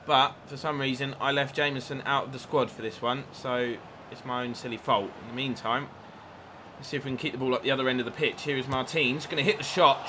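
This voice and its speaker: A man's voice: medium pitch, background noise. A man giving chatty play-by-play commentary over his own football video game, livening up at big chances. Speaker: gaming YouTuber.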